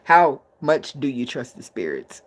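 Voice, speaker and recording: A woman's voice: a bass voice, very animated, measured pace. Blunt, profane woman tarot reader. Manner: blunt, profane, laughs often. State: tearful at times. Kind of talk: casual live tarot reading. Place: at home.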